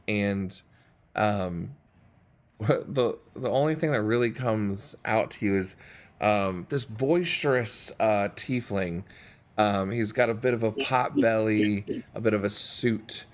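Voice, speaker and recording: A man narrating as game master in a tabletop game, relaxed and laid-back, with frequent ums. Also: lowish voice. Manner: relaxed, many ums, laughs easily.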